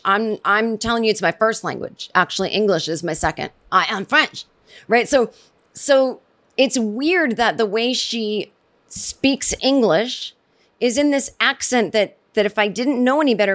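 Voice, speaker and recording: A woman's voice: mid-range voice, fairly bright tone. A woman hosting her own comedy podcast, talking solo in a rambling, sarcastic way with many restarts and asides. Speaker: podcast host.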